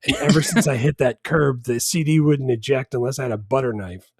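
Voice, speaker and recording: A man co-hosting a casual movie podcast, excitable and often laughing as he reminisces. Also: medium pitch, fairly quick, husky, dry recording, clean studio sound. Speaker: podcast co-host.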